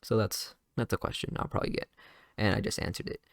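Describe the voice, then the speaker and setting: Fan storyteller, male, gravelly lowish voice, dry close sound, loose rambling delivery. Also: fairly even intonation, fast, no echo. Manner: rambling, many fillers and restarts. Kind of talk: casual improvised fan story narration.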